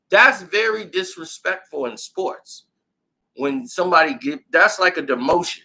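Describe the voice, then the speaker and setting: A man giving casual sports commentary, telling the story in an animated way and laughing often. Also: a little high, moderate pace, poor audio.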